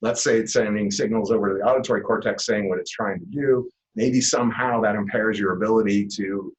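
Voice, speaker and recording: A man giving a classroom lecture, explaining at a relaxed pace with lots of "uh" fillers. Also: lowish voice, a little fast, low-quality recording.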